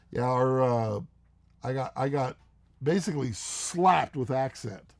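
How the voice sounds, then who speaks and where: Gravelly man rambling on a live stream. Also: mid-range voice, darkish tone, no room sound. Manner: rambling, teasing, laughs often. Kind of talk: casual live chat, reading viewer comments.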